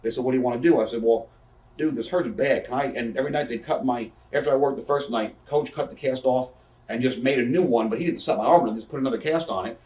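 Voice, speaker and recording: In an echoey room and off-mic, a man in his thirties with a medium-pitched, slightly mellow voice guests on a shoot interview. His storytelling is casual, rapid and profane, and he acts out what others said.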